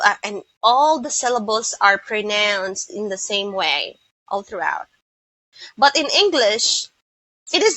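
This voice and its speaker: Slow, bright-voiced woman teaching. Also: fairly high pitch, no echo, rough recording. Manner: slow, deliberate, repeats words to model stress. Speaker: English pronunciation teacher. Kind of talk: online lesson.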